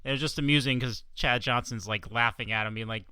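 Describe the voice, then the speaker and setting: A podcast co-host chatting about football in a slow, amused way, laughing often. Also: medium pitch, bright, forceful tone, clean tone, no room sound. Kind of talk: casual sports chat.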